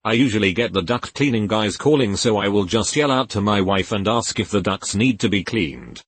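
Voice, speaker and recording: A man narrating Reddit posts aloud in a lively, expressive read with jokey asides. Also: lowish voice, moderate pace, breathy edge, no room sound.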